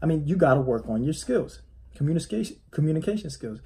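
A man with a husky, mellow voice gives loose, coaching-style advice on a casual vlog. He rambles, restarts his sentences and keeps circling back to his point. His voice sits a little higher than most men's. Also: lively intonation, fast. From United States. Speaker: real estate agent. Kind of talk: casual motivational vlog talk.

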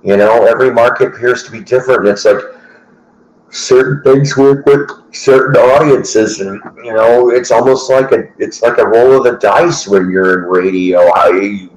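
A man's voice: medium pitch, normal speed. A middle-aged man hosting a casual chat, rambling and conversational with lots of fillers and restarts. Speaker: host. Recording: roomy echo.

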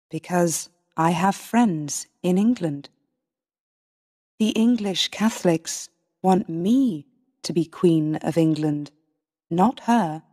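A woman narrating a storybook in the first person, reading slowly and clearly with careful pauses. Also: on the low side, warm tone. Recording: long hall reverb.

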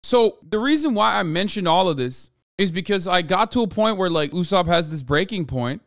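A man rants to his live chat in a high, clear voice, animated and exasperated, swearing freely. The sound is close and dry, with no room echo. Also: moderate pace. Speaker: live streamer. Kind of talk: casual rant to live chat.

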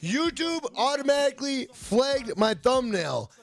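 High-voiced, profane male game streamer. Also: big pitch swings, a little slow, creaky. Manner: rambling, profane, jokey, reads chat aloud. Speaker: gaming streamer. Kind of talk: casual live-stream chat.

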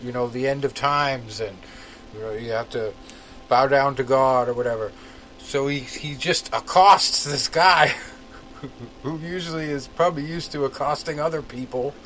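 A man talking loosely with his co-host on a podcast, his pitch sitting in an ordinary middle range. He wanders through his stories, leaning on fillers and trailing off as he goes. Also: unhurried, pushed and bright, slight background noise, low-quality recording. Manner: rambling, filler-heavy storytelling. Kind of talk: casual chat.

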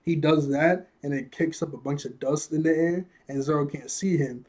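An anime reviewer casually recaps an episode, animated and laughing often, acting out quotes in a raised voice while sounding a bit out of breath. He speaks at a moderate pace with a fairly high pitch.

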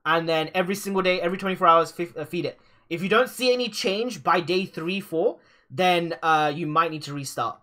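A man's voice: high-pitched, fairly quick, pushed and bright. A young man hosting a cooking live stream, chatting casually with lots of fillers and laughs. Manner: laughs often, rambling with fillers.

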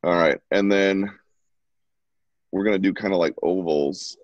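A man's voice: low-pitched, fairly even intonation, measured pace, dry recording. A man at home giving a casual, chatty live drawing lesson and talking while he sketches. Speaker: drawing instructor. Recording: dull lo-fi, dry sound.

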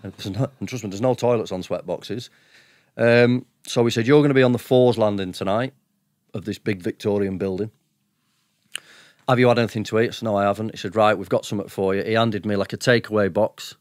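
A man's voice: lowish voice, steady tone, fairly quick, no echo, clean studio sound. A man telling his story as a podcast guest, blunt and sweary, chuckling between anecdotes. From United Kingdom. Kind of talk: casual storytelling.

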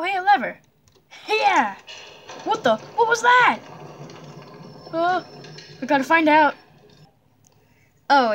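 A woman voicing a jumpy young blocky hero in a cartoon adventure, hesitant, with many nervous pauses and yelps. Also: on the high side, a bit bright. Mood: startled.

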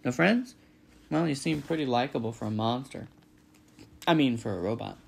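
A man reading a storybook, voicing a gruff, stubborn male beaver who is kind underneath. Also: medium pitch, expressive, moderate pace, exaggerated voice. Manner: gruff, grumbling.

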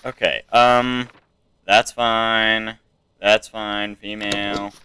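A man's voice: on the low side, little pitch movement, drawn-out words, sharp tone, a little hiss or hum. A young man casually commenting on a game as he plays, reading its text aloud and trying out silly voices. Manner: chatty, reads game text aloud, tries silly accents. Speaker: gameplay streamer. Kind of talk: casual let's play commentary.

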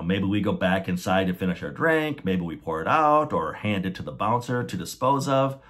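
A man's voice: low voice, husky. A man hosting a podcast, explaining ideas methodically and restating his key points. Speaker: podcast host.

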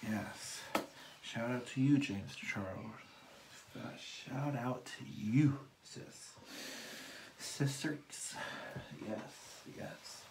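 A beauty vlogger talking through a casual makeup tutorial in a chatty, theatrical way. The voice swings between loud exclamations of dismay and soft whispered asides, with a faint hiss of noise behind it. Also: mid-range voice, very slow.

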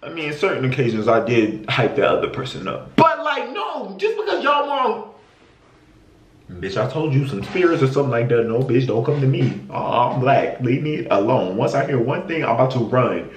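A man reading out viewer confessions in a casual reaction vlog, blunt and profane, jumping between squealed outbursts and low mutters. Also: wildly swooping pitch, moderate pace, echoey room.

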